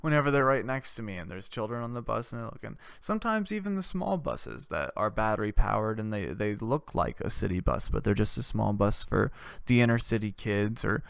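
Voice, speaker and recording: A man's voice: fairly low pitch, sing-song, brisk, gravelly, smooth. A man hosting a comedy podcast, delivering a rambling, profane, worked-up rant. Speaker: podcast host.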